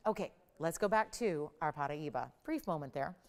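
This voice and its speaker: A woman's voice: low voice, lively intonation, normal speed, a little mellow. A middle-aged woman hosting a live TV jewelry sale, chatting enthusiastically and building up prices playfully. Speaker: shopping channel host.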